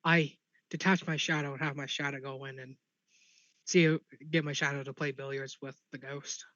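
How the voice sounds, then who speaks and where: A man playing in a tabletop game, speaking in a thoughtful, measured way. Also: mid-range voice, level tone, pushed and bright, no echo, muffled recording. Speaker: player.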